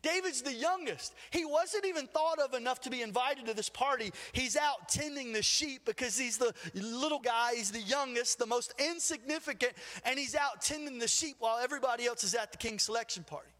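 A man preaching a sermon, retelling a Bible story with acted quotes in an animated, storytelling manner. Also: very high-pitched, brisk, few pauses, long reverb tail. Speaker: pastor.

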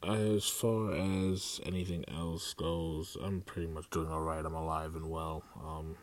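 A man's voice: a bass voice, level tone, unhurried. A young man rambling through a casual solo podcast, with many fillers and restarts. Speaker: podcast host.

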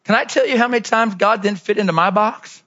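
A man preaching a lively sermon as pastor, dropping to low asides and rising to shouted peaks. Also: fast talker, lo-fi sound.

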